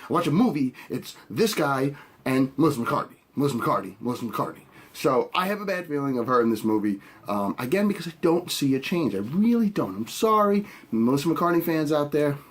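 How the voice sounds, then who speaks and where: A man's voice: on the high side, sing-song, a little fast. A man hosting a podcast, giving a blunt, opinionated reaction with casual swearing. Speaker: podcast host.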